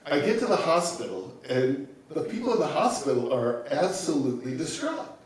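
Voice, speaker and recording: A man in his sixties tells his own story to a congregation with calm, unhurried reflection. His voice bounces around a very echoey church room, picked up from some distance off the mic. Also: fairly high pitch, a little hiss or hum. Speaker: guest speaker. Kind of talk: personal testimony. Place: church sanctuary.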